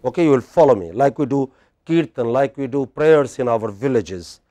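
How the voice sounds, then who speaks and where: A man teaching spoken to a class, coaxing students and drawing out words slowly to demonstrate rhythm. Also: mid-range voice, expressive, dark tone, dry recording. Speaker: professor teaching spoken English. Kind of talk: classroom lecture with call-and-response drills.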